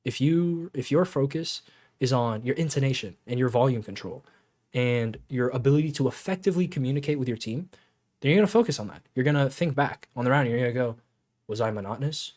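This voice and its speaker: Male coach, mid-pitched, easygoing, talks players through their mistakes with a chuckle and a loose tongue. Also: lively intonation, quick pace, a little mellow. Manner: laid-back, chuckles often, swears casually. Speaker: game coach. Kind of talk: casual coaching talk over gameplay footage.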